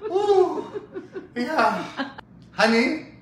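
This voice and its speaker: A man doing a very high, bright voice for a demanding pregnant wife who groans and keeps asking for things. The sound is roomy and echoey with faint background noise. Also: very animated, extremely slow, exaggerated voice. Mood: whiny. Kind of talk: comedy sketch. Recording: echoey room.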